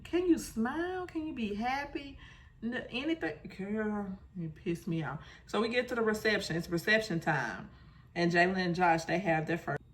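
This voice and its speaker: Sassy woman with a gravelly voice. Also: on the low side. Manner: sassy, talks back to the screen. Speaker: reality TV recap host. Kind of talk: casual show recap.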